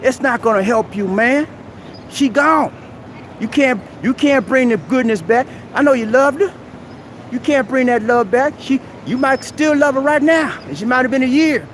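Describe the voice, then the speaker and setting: A man speaking at a moderate pace in a strikingly high voice lectures live-stream viewers from outside a busy shopping mall. His motivational rant is preachy and exhorting, he keeps saying "man," and faint traffic noise can be heard.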